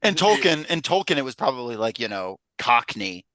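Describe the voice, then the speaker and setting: A man from the Southern US hosting a podcast, chatting casually and reading aloud, animated, with frequent laughs. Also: mid-range voice, brisk, a crowd in the background, poor audio. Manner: animated, laughs often, many fillers. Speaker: podcast host.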